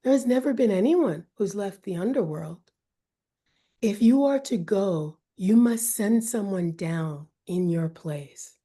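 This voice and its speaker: A woman reading blunt underworld beings; slow, mellow, stern. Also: medium pitch, animated.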